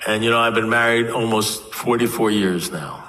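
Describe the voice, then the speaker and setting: A man's voice: lowish voice, normal speed, pushed and bright. Older man telling wry stories in echoey hall. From United States. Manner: wry, self-mocking humor. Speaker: recovery meeting speaker. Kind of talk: personal storytelling talk. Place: meeting hall. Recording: echoey hall with faint background noise.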